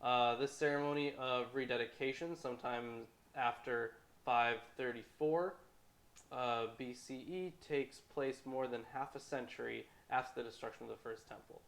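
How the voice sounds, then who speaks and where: A man's voice: medium pitch, steady tone, normal speed, vocal fry, fairly bright tone. A man co-hosting a casual discussion show who reads scripture aloud with wry, irreverent asides, sometimes swearing and stumbling over names. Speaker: podcast co-host reading scripture.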